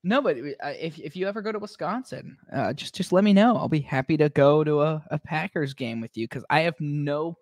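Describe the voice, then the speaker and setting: Lively joking man from Minnesota. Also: fairly high pitch, fairly quick, hardly any pauses, no echo, clean studio sound. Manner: joking, teasing. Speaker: podcast co-host. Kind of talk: casual chat.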